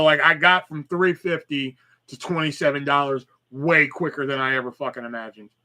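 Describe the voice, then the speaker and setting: A man's voice: medium pitch, sharp tone. A young man hosting a live podcast, telling rambling, profane stories in casual chat and acting out the dialogue. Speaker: podcast host.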